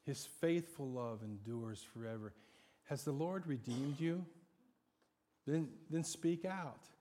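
A man preaching a sermon, dramatic, swinging from hushed to loud. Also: medium pitch, slow pace, slight background noise. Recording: long hall reverb.

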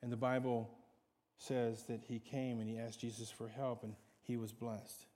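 A man preaching a sermon, dramatic, swinging from hushed to loud. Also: medium pitch, level tone, moderate pace. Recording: long hall reverb.

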